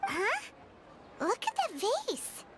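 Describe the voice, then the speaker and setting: A woman voicing a tiny, nosy, excitable girlish companion in video game dialogue, with a squeaky, childlike voice. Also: extremely slow, heavily acted. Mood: chatty.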